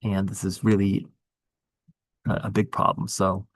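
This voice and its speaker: Unhurried and monotone, a candidate's low voice wanders earnestly through his campaign in casual conversation, full of restarts. The recording has no echo.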